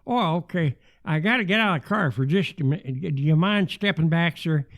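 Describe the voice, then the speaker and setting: A man's voice: fairly high pitch, lively intonation, a little fast, pitched above the performer's own voice. An older man putting on a flustered drifter with a chicken. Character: rambling older male drifter with a pet chicken.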